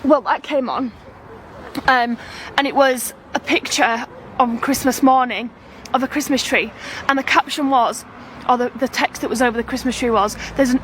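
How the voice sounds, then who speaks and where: A woman's voice: a little high, fairly even intonation, fairly quick, fairly bright tone, a little hiss or hum. A woman with a British accent, a family vlogger chatting to her camera in a gushing, emotional, rambling way. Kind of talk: casual vlog chat.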